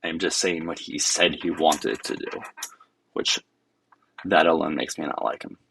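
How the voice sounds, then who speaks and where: A man hosting a live debate stream, blunt and quick to cut callers off. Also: very deep voice, animated, gravelly, a bit bright, a little hiss or hum. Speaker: livestream host.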